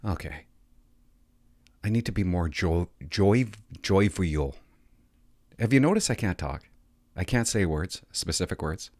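An older man hosting his own video channel, talking casually in a rambling, self-conscious, halting way. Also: low-pitched, no room sound, clean studio sound. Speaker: channel host. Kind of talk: casual vlog chat.

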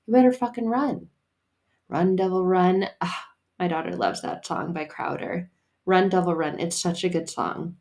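A podcast host and faith coach runs her solo faith show in a lowish, darkish voice, steady in tone and at a normal pace. She's casual, emphatic and playful, letting slip the odd curse word.

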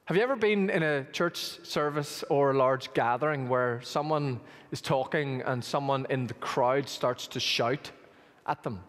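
A male pastor preaching a sermon, telling stories with lively emphasis, in a church hall. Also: mid-range voice, a little slow. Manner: storytelling, rising to animated emphasis. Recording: long reverb of a large hall.

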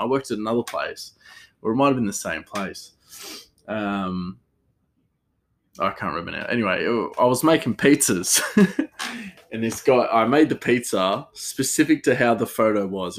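A man, a cook, talking in a meandering, animated way and laughing often. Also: fairly low pitch. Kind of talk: casual rambling monologue.

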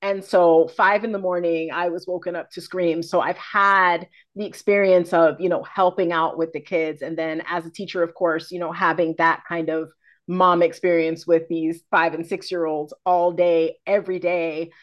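A woman's voice: lowish voice, little pitch movement, normal speed. A woman in her forties, a confidence coach and podcast guest, talking frankly and expressively in casual conversation, swearing freely.

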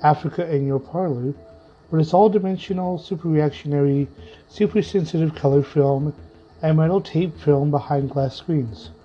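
A man voicing a calm husband in a read-aloud story, dryly amused and reassuring. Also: a little high, moderate pace, close to an everyday voice. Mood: soothing. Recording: muffled lo-fi with faint music.

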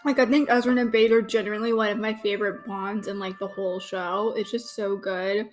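A woman's voice: medium pitch, flat delivery, brisk, soft background music. A young woman hosting a casual fan watch-along podcast, chatty and gushing, with lots of fillers. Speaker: podcast host giving watch-along commentary.

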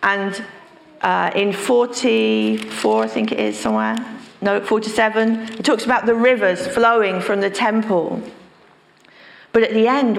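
Slow, emphatic woman pastor preaching. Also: medium pitch, lively intonation, creaky, roomy sound. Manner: slow, emphatic, repeats phrases for stress. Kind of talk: sermon.

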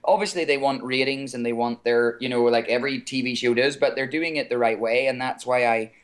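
A man's voice: mid-range voice, a little fast. An Irish man, a singer calling in as a guest, chatting casually with frequent laughs and fillers. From Ireland. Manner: relaxed, laughs often, many fillers. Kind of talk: casual interview chat. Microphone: phone call.

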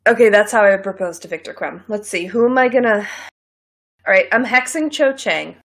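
Young woman gabbing on a podcast, giggly, playful, mid-pitched, hams it up when she tells a story. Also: animated, brisk, fairly bright tone. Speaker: podcast co-host. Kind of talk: casual chat.

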